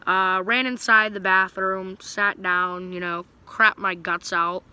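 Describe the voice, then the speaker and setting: A man's voice: sits high, flat delivery, slow, pushed and bright, smooth. A young man telling a story to his viewers in a rambling, casual way, full of fillers and restarts. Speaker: vlogger.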